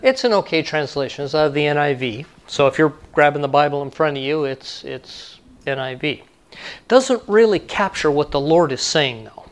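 A man's voice: fairly high pitch, normal speed. Man preaching a conversational sermon. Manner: conversational preaching, repeats key lines for emphasis. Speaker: pastor.

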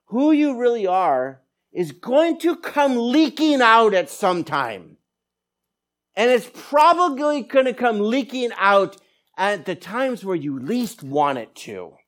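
A middle-aged man preaching a sermon as pastor, telling stories with quoted dialogue. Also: sits high. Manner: animated storytelling with quoted dialogue.

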